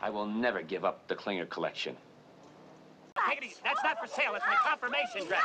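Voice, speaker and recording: An actor playing a brash, wisecracking army corporal who wears dresses and schemes for a discharge, in sitcom style. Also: male voice, medium pitch, wildly swooping pitch, fast talker. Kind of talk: 1970s TV sitcom acting. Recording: dull old TV soundtrack with faint hiss.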